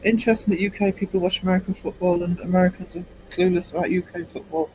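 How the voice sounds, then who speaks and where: English man, fifties, higher-pitched voice, meandering livestream chat, faint background hum. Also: little pitch movement, fast talker. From England. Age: 50s. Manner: rambling, hesitant, many ums. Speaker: livestream host. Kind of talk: casual late-night chat.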